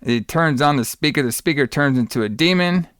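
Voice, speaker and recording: A man with a fairly high voice chats through a film plot on a podcast, swearing freely and slipping into the characters' lines. The sound is close and dry, with no room around it. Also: fairly quick, a bit bright, smooth, no room sound. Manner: profane, rambling, acts out characters' lines. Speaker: podcast co-host. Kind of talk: casual chat recapping a film.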